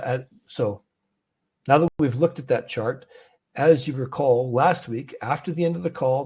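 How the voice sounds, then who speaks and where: Husky-voiced man hosting a trading call. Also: mid-range voice, darkish tone. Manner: loose, thinking aloud with frequent fillers. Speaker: host of a trading webinar. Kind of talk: live conversational market talk. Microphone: video call.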